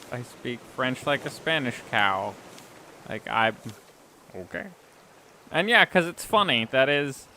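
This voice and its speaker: A man chats casually while streaming a game, rambling, self-deprecating and chuckling often. His voice is medium-pitched with a sharp tone, and there is slight background noise.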